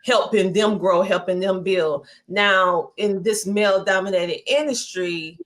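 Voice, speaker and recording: A woman's voice: mid-range voice, measured pace. Woman with a heavy Southern twang. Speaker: podcast guest, media entrepreneur. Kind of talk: candid conversational interview.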